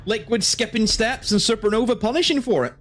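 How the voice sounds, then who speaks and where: A man's voice: sits high, fairly quick, fairly bright tone, a little hiss or hum. A man giving color commentary on an esports match, with short teasing remarks.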